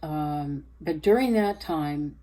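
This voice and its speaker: A woman speaks in an unhurried, halting way, pausing on fillers and restarting her sentences. Her voice sits low and sounds warm and mellow. She gives a personal testimony of faith. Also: animated, rough recording. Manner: rises in pitch and energy when retelling scripture. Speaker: vlogger sharing faith testimony.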